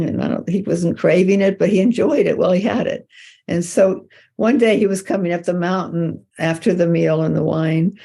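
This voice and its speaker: A woman's voice: fairly low pitch, creaky, warm tone, husky. A woman Zen teacher giving a dharma talk, retelling a story loosely with many restarts.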